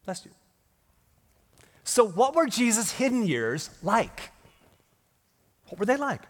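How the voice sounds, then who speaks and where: Animated preacher with a high voice. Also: male voice, slow pace, pauses often. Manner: emphatic preaching with rhetorical questions. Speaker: pastor. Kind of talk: sermon. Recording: long hall reverb.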